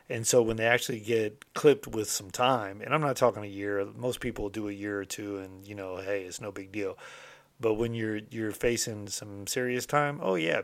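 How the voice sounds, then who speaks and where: A man's voice: mid-range voice, dry recording. A middle-aged American man casually recounting his past, candid and streetwise, swearing freely as a motivational host. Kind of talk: casual storytelling monologue.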